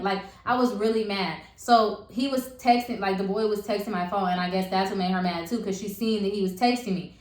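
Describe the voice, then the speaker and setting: A young woman telling a story in casual chat, animated and profane, acting out the people she quotes. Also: medium pitch, a little fast. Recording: echoey room.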